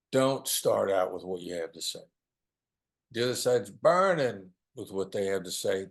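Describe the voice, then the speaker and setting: An older man with a low voice gives practical advice as an interview guest. He stresses his points and circles back to repeat the key phrases. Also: gravelly. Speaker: negotiation expert guest.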